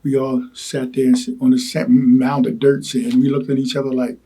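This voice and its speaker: An older man recalling his wartime experiences in an oral history interview, talking haltingly with many repeated words and asides. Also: mid-range voice, little pitch movement, dark tone, breathy edge. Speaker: Vietnam veteran interviewee.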